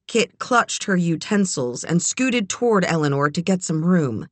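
A woman narrating a novel as an audiobook reader, in a measured, even way. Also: on the low side, dry recording. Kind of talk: scripted narration.

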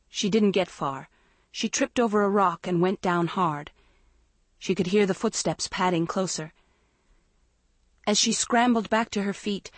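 A woman narrating an audiobook in a slow, measured suspense reading. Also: fairly low pitch, no room sound. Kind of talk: scripted narration.

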